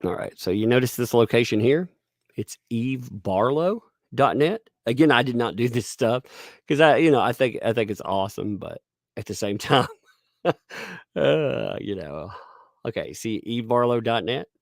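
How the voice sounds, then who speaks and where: Gravelly, sarcastic live-stream commentator man. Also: mid-range voice, expressive, moderate pace, no echo, studio quality. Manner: sarcastic, jokey, rambling with frequent laughs. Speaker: livestream commentator.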